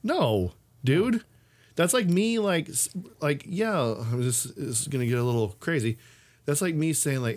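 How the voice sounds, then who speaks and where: A man in a mid-range voice, speaking a little slowly, co-hosts a podcast. In this casual chat he tells stories with animation and laughs a lot.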